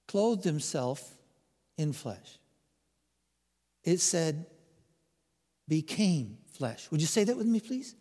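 An older male pastor preaches with a high, lively voice that swoops through a wide range. He tells his story and presses his points with fervent emphasis. His words ring out in a reverberant hall. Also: slow pace, long pauses, slightly rough. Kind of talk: sermon.

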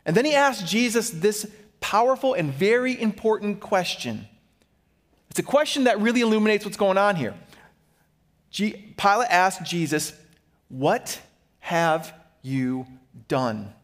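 A man preaching a sermon as a pastor, animated, acting out the Bible figures he quotes. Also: high-pitched, normal speed, long reverb tail.

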